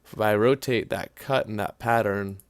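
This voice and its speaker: A man giving a casual, unscripted software tutorial, thinking aloud with fillers and self-corrections as he clicks through the steps. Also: on the low side, fairly even intonation, moderate pace, dry recording. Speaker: CAD tutorial instructor. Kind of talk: screen-recorded software walkthrough.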